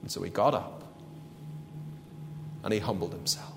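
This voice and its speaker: A man preaching a sermon, deliberate and emphatic, with a lot of repetition. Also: sits low, gravelly, noisy background. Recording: long reverb of a large hall.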